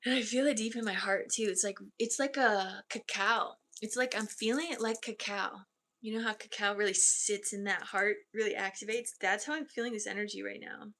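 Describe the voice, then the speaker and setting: Woman, energy healer, channeled healing session, soft and flowing, gravelly fry. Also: medium pitch, fairly even intonation, a little fast. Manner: soft, flowing, relays messages from spirits.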